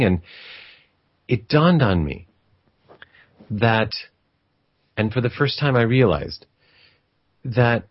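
A man's voice: on the low side, no room sound, dull audio. A middle-aged man who grew up in an Italian family tells a personal story in a conversational, reflective way, with restarts and quoted voices of relatives.

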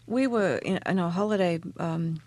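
A woman's voice: fairly low pitch, normal speed, no room sound. A woman coach in a casual interview, telling stories in an earnest way and laughing often. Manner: earnest, warm storytelling with frequent laughs. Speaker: guest, transformational coach.

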